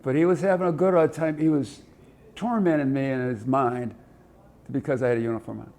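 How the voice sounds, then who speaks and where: A man's voice: medium pitch, a little fast. A man in his seventies from Ohio, a military veteran telling stories in an oral history interview, acting out voices and sounds as he goes. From Ohio, USA. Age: older, 70s. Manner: animated anecdotes, acts out voices and sounds.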